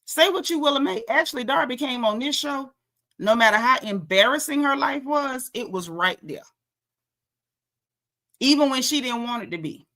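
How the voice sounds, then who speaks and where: A woman with a bright, forceful voice pitched slightly high delivers a casual reality TV recap. She gossips in a sassy, slangy way and calls out the cast as she talks. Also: normal speed.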